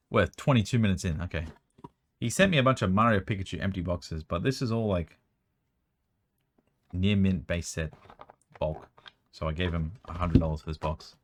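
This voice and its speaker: A young man with a strained, worn-out voice, chatting quickly as he sorts through a card collection at home, with bursts of excitement. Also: deep voice. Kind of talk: casual running commentary while sorting cards. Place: room at home.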